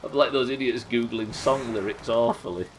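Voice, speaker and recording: A man's voice: mid-range voice, moderate pace, a little hiss or hum. A young man hosting a live game stream, bantering with chat in a sweary, exasperated way. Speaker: streamer host.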